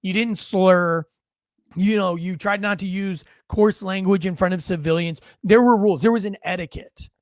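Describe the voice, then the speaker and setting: Male host with a high voice and a blunt, crude, joking rant style, recorded dry. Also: normal speed, dry recording. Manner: blunt, profane, wisecracking, reads chat aloud. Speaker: livestream show host and military veteran. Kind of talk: unscripted ranting commentary.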